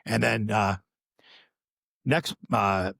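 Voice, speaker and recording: An older man, a podcast guest, telling a long anecdote in casual conversation and acting out the quoted voices with sudden loud exclamations. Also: on the low side, drawn-out words, gravelly, no room sound, studio quality. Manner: animated, acts out quoted dialogue with sudden raised exclamations. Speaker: podcast guest, veteran live sound engineer.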